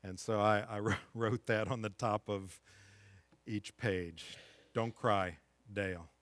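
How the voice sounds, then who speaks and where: A man's voice: lowish voice, steady tone, takes it slowly, a bit bright, dry recording. A middle-aged man preaching a sermon as pastor, reading scripture and building to impassioned, emphatic peaks.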